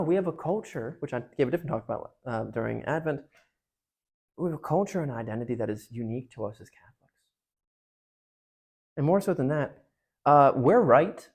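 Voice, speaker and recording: A young man giving a youth talk at a parish, emphatic and joking, jumping between loud outbursts and hushed asides. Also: medium pitch, animated, a little fast, long pauses, husky. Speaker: parish speaker.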